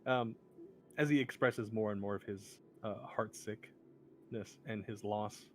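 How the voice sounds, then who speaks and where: A man's voice: fairly low pitch, slow, a little hiss or hum. A man narrating a tabletop game as game master, hesitant, with many ums and uhs.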